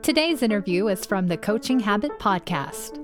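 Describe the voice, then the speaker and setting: A woman's voice: mid-range voice, expressive, normal speed. A woman reading a polished podcast introduction. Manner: polished, announcing. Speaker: podcast announcer. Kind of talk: scripted intro. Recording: intro over music.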